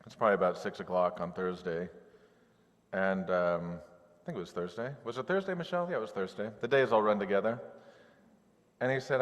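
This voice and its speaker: A man's voice: fairly low pitch, moderate pace, long pauses, long reverb tail. A male pastor preaching a sermon in a conversational way, with humorous asides.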